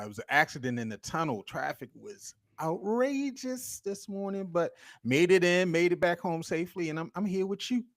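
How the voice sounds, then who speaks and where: A man's voice: a little high, no echo, clean studio sound. A man in his fifties co-hosting a casual sports podcast, teasing his partner and laughing often. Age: 50s. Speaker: podcast co-host.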